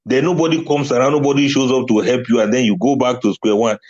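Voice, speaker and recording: A man's voice: mid-range voice, fairly even intonation, quick pace, a little mellow, highs cut off. A man giving a religious talk on letting go, emphatic and often laughing at his own points. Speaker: Islamic speaker.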